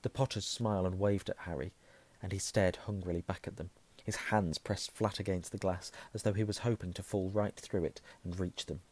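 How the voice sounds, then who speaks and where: Man, hoarse, reading a novel aloud, low voice, husky, hushed at tense moments. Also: fairly even intonation, moderate pace. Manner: self-correcting, softening to a hush at tense moments. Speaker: reader.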